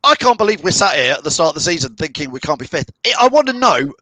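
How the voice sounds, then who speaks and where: A man's voice: a little high, sing-song, quick pace, bright, forceful tone, dry recording, low-quality recording. A middle-aged man from the of England hosting a fan live stream, chatting and reading out viewer comments. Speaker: fan channel host.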